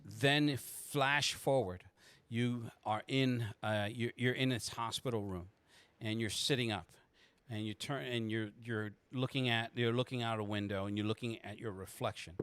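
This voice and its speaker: A man's voice: medium pitch, fairly even intonation, normal speed, a bit bright, smooth, no echo. A man running a tabletop game as game master, narrating in the second person with frequent halts and restarts.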